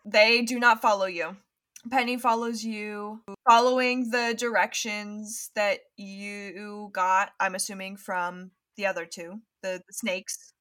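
A woman running a tabletop game as game master, narrating loosely with many fillers. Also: medium pitch. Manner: relaxed, filler-heavy narration.

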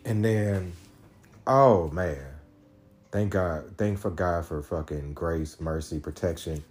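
A man's voice: sits low, slow pace, darkish tone, faint music behind. A man hosting a podcast, telling a story in a casual solo monologue, loose and profane, with many restarts. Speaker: podcast host.

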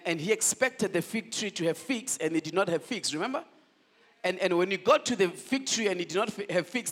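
A male pastor preaching a sermon, firing call-and-response questions at the congregation. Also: high-pitched. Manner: animated, shifts between loud declaring and quiet asides.

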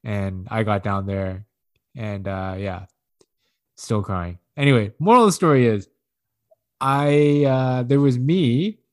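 Slow and somewhat dark in tone, a man unwinds a long, rambling, swearing-filled story on a podcast. He laughs often and acts out quotes by going up in pitch.

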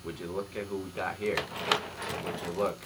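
A man's voice: sits low, flat delivery, moderate pace, background noise. A young man hosting a podcast in loose, joking casual chat, often repeating himself. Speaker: podcast host.

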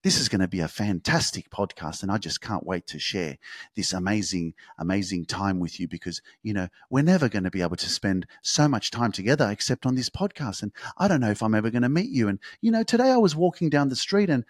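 A bland, overly pleasant male podcast host mocked by a man speaks in a soft, sugary, gushing voice. It sits lower and much quieter than the speaker's own talk, polished politeness with nothing underneath. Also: animated, fast, no echo, clean studio sound, natural voice. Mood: saccharine.

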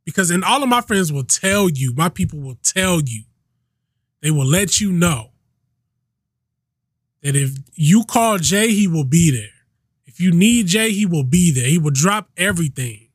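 A man's voice: fairly high pitch, expressive, measured pace, long pauses, slightly rough, no room sound, studio quality. A man hosting his own podcast, ranting in a casual, emphatic way, repeating himself and swearing freely. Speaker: podcast host. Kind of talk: casual solo rant.

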